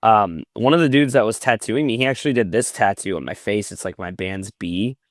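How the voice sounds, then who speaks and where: Speaking a little fast in a lowish voice, a metal vocalist appearing as a podcast guest tells long stories in a casual video-call chat. He acts out quoted back-and-forths and swears often. The sound is dry and clean, like a studio.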